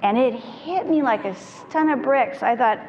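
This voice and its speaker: A middle-aged woman, a child therapist, telling stories to parents in an animated way and acting out the voices she quotes. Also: a little high, moderate pace. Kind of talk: storytelling talk to parents. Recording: reverberant hall, dull lo-fi sound, faint noise.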